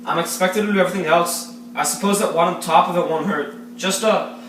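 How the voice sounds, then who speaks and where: A sour, cutting daughter, as a man plays her, pitched high for a man. She talks down with scornful sarcasm. The voice sounds far from the mic in a very echoey room. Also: steady tone, a little fast, fairly bright tone, a little hiss or hum. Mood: bitter. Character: bitter, sharp-tongued Irish daughter, middle-aged. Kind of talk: amateur stage-play acting.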